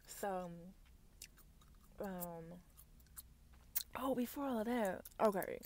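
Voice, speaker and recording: A woman tells a lively storytime in a soft, half-whispered ASMR style, chewing gum close to the microphone. Her voice sits a little low and carries a gravelly fry. She talks straight to her viewers as "y'all", over a faint hiss of background noise. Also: moderate pace, pauses often. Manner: chatty, animated storytelling, addresses viewers as y'all. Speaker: ASMR vlogger.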